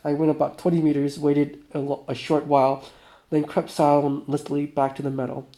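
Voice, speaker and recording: A man's voice: fairly high pitch, completely flat delivery, normal speed, warm tone. A man playing a survival game, reading its story text aloud with casual asides and frequent self-corrections. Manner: casual, stumbling over words and self-correcting. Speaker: gaming YouTuber.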